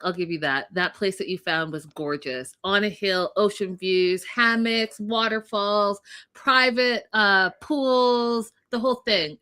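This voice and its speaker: A woman's voice: medium pitch, sharp tone. A woman co-hosting a casual recap chat, talking in a blunt, emphatic way and swearing freely. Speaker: podcast co-host.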